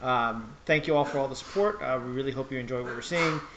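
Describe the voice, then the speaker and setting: A man's voice: medium pitch, fast talker, background noise. A man hosting a tabletop game stream, wrapping up the night and announcing the schedule in a casual, upbeat way. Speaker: show host.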